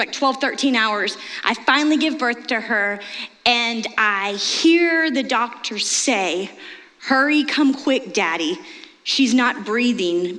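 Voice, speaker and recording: A middle-aged woman pastor with a light Texan accent preaches in a lively storytelling way. Her voice sits high, and it rings out with a long reverb in a large church hall. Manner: lively storytelling, confiding and animated. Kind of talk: sermon.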